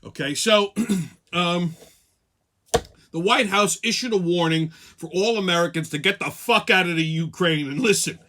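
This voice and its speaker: A man's voice: high-pitched, a little slow, bright, forceful tone, a little hiss or hum. A man hosting a weekly show, ranting sarcastically and profanely. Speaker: host. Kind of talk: profane comedic rant.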